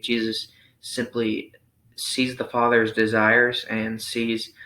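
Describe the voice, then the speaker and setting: A young man reading scripture aloud and explaining it in a relaxed youth Sunday school lesson, thinking aloud with frequent ums. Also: on the low side, unhurried. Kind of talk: Bible reading and casual lesson. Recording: roomy echo.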